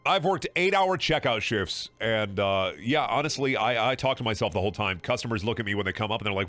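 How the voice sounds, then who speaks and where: A man's voice: fairly low pitch, animated, brisk, pushed and bright, no echo, faint music behind. A man streaming a video game, talking in a sarcastic, rambling, profane way with frequent laughing and repeated words. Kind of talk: casual game livestream commentary.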